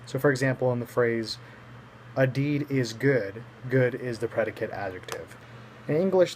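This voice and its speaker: A man's voice: mid-range voice, a little hiss or hum, low-quality recording. A man teaching Greek grammar in a recorded lesson, explaining each point step by step and muttering small self-corrections.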